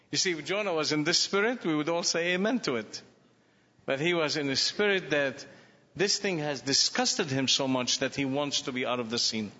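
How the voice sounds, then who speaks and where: A man's voice: mid-range voice, expressive, moderate pace, sharp tone. A man speaking earnestly and emphatically in a Bible study discussion. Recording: dull recording with hall reverb and faint noise.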